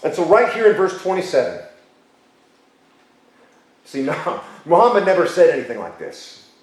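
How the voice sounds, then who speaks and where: A man preaching a sermon as pastor, emphatic, repeating key phrases and slowing down for stress. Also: fairly high pitch, very animated. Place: church sanctuary. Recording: very echoey church hall.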